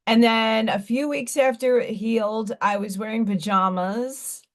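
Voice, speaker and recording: A woman's voice: a little high, steady tone, unhurried. Rambling, candid woman hosting a live stream. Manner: rambling, candid storytelling with blunt asides. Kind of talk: casual chat.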